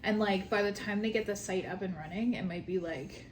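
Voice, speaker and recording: A woman's voice: medium pitch, brisk, slight background noise. A woman co-hosting a casual podcast, talking about her daughter with lots of "like" fillers. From Canada. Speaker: podcast co-host. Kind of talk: casual chat.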